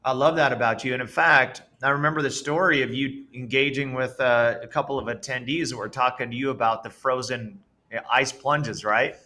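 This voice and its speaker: A man's voice: mid-range voice, a little fast. A man who founded a business, a podcast guest telling stories with enthusiasm. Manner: enthusiastic, animated storyteller. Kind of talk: casual podcast conversation.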